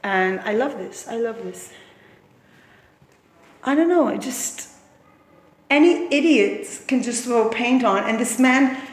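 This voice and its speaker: A woman's voice: on the high side, expressive, takes it slowly, long pauses. A woman walking through an art gallery, speaking her opinions bluntly and sarcastically, with plenty of swearing. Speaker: gallery visitor. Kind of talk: candid spoken gallery walkthrough. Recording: roomy gallery with long reverb.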